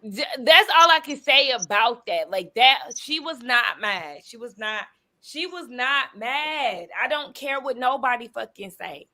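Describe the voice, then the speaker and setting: A woman on a recap panel gives blunt, profane opinions. Her voice is high and very bright, and she lands each point with force. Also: animated, measured pace. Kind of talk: casual opinionated chat.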